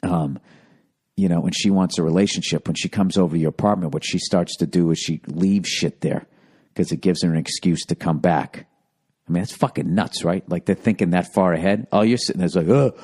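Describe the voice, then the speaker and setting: A man's voice: sits low, brisk, a little mellow, husky. Profane, rambling man. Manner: profane, rambling, self-mocking delivery. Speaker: comedian. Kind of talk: casual storytelling monologue.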